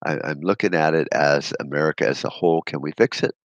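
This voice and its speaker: Man, very deep voice, gravelly, blunt profane rant, sarcastic, dry close recording. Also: quick pace, no room sound, highs cut off. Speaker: podcast host. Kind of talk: solo podcast rant.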